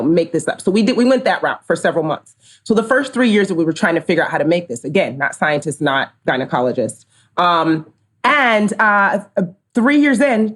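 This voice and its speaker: A middle-aged woman from the United States, speaking low as a podcast guest. She tells her story casually and brings each quoted person to life. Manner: animated storyteller, acts out quoted dialogue. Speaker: company co-founder, podcast guest.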